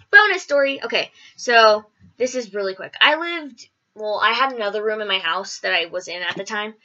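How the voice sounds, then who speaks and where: A woman vlogger casually telling stories in a rambling, animated way, acting out the voices in them. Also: mid-range voice, moderate pace, highs cut off. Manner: animated, rambling, acts out quotes. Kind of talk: casual storytelling.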